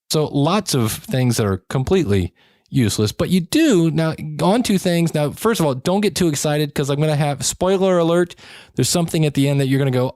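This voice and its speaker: A man's voice: a little high, animated, a little fast, darkish tone, no echo, studio quality. Chatty, wry male podcast host. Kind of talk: casual gear demo.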